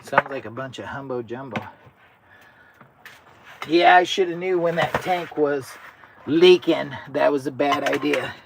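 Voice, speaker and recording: A man's voice: fairly high pitch, a little slow, vocal fry, pauses often, noisy background. A man vlogging casually at his campsite, muttering to himself as he tidies up. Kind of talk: casual camping vlog. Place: outdoors at a campsite by a tent.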